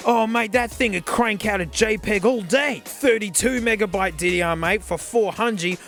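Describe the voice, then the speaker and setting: Host: young Australian guy, high-pitched, excitable and jokey, faint music under him. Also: moderate pace, gravelly. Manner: excitable, jokey, laughs often. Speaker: YouTube host. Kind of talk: casual nostalgic commentary.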